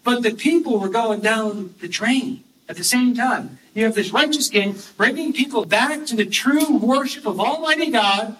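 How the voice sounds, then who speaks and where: A man preaching a sermon, earnestly explaining scripture and reading verses slowly and with emphasis. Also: extremely high pitch, sharp tone. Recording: distant mic with faint background noise.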